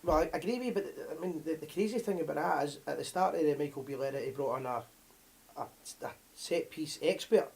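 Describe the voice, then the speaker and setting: A man's voice: a little high, quick pace, creaky. A Scottish man co-hosting a fan live show in casual chat, telling stories with lots of laughter. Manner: animated storytelling, laughs often.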